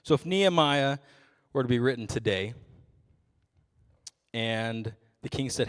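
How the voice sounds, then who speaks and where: A young adult man working as a ministry intern gives a youth sermon, casual and self-deprecating with frequent jokes. He speaks unhurriedly in a mid-range voice with a clean tone and frequent pauses. The sound has a big-room quality.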